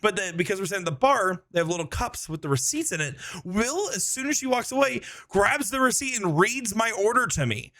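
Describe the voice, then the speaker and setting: A man co-hosting a podcast, telling stories in a casual, animated way, laughing often and acting out quotes in voices. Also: high voice, brisk, hardly any pauses. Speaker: podcast co-host. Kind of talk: casual storytelling chat.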